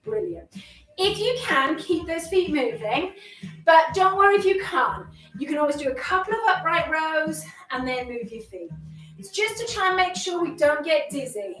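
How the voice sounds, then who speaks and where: Cheery high-voiced woman leading a workout. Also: lively intonation, normal speed, fairly bright tone, roomy sound, far from the mic, faint music behind, poor audio. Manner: upbeat, encouraging, chatty with self-deprecating jokes. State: a bit out of breath while exercising. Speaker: exercise instructor. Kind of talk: live workout class instruction.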